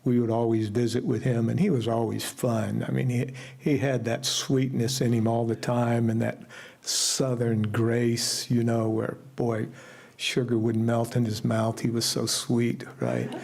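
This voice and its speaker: An older man sharing a personal remembrance at a memorial service, telling stories in an unhurried way with asides. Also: medium pitch, flat delivery, vocal fry, darkish tone. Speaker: memorial speaker. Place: ashram gathering hall.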